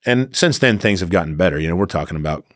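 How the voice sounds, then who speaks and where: A former undercover officer telling casual war stories as a podcast guest, laid-back and swearing freely. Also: male voice, low-pitched, lively intonation, fast, no echo, studio quality. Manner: laid-back, swearing, acts out quoted voices. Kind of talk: casual storytelling. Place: podcast studio. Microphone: studio mic.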